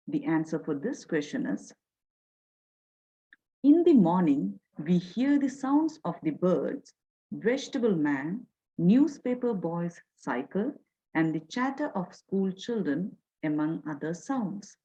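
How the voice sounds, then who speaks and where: A woman teacher with an Indian English accent, explaining a children's lesson in a lively storytelling manner. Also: lowish voice, slow, slightly rough. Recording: dull lo-fi audio.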